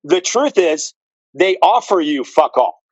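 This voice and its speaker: A man guest on a podcast, telling stories in casual, profane, animated chat. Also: fairly high pitch, measured pace, husky, dry recording, muffled recording.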